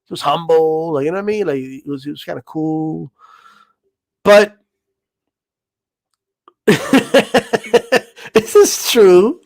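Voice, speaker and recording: A man's voice: a little high, expressive, takes it slowly, long pauses, dry recording. A man hosting a boxing livestream, rambling and swearing in a casual rant, always asking if you know what he means.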